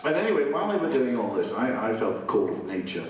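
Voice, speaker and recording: An older man with an English accent, a guest musician telling animated stories and acting out the voices of people in them. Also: mid-range voice, fast. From England. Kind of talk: anecdotal storytelling. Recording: distant mic with noisy ambience.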